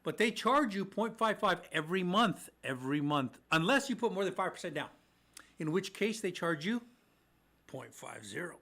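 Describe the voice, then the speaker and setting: A man with a high-pitched voice co-hosts a casual mortgage show. He answers listener questions with jokes and puts on mock voices for the lenders. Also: very animated, normal speed, creaky, bright, forceful tone. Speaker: mortgage podcast co-host.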